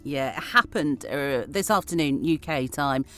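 A woman's voice: sits low, measured pace, a bit bright, soft background music. A woman co-hosting a daily news podcast, chatting in a playful, chatty way. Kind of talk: upbeat news round-up chat.

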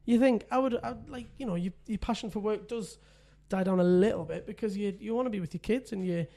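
Guy in his 30s, fairly high voice, chatty, tells family stories and laughs a lot on a casual podcast. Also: fairly quick, warm tone. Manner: chatty storyteller, laughs often. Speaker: podcast co-host. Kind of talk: casual chat.

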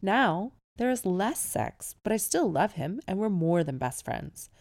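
A woman's voice: medium pitch, big pitch swings, unhurried, creaky, a little mellow. A woman hosting a podcast, reading listener emails aloud and keeps breaking into laughter. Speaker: podcast host.

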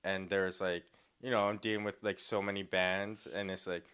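A man's voice: deep voice, little pitch movement, normal speed, a bit bright, clear, resonant tone. A young man, a podcast co-host, telling stories in casual chat, laughing often and acting out what people said. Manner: laughs often, acts out quotes.

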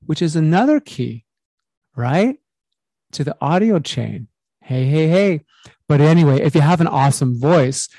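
A man's voice: fairly high pitch, darkish tone, no echo. A middle-aged man coaching casually on voice, enthusiastic and rambling, speaking close to the microphone. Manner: enthusiastic, rambling, self-promoting.

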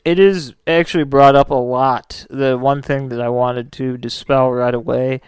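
A man's voice: mid-range voice, steady tone, a little slow, clean tone, no room sound. A man hosting a casual podcast, rambling and joking with lots of fillers. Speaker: podcast host.

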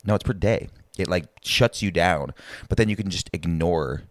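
A man's voice: low voice, normal speed, no room sound, studio quality. A man co-hosting a podcast in casual chat, laid-back and agreeable, often trailing off. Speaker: podcast co-host.

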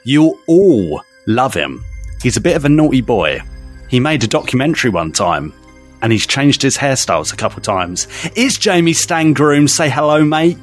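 A man's voice: medium pitch, sing-song, normal speed, faint music behind. A man co-hosting a podcast in casual chat, jokey and bantering, often repeating himself. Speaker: podcast co-host.

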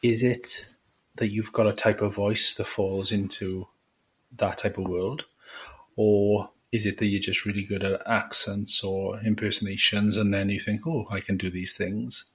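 A man's voice: lowish voice, level tone, a little slow, breathy edge. A young man co-hosting a casual podcast, chatty and a little hesitant with frequent ums. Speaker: podcast co-host. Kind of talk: casual chat.

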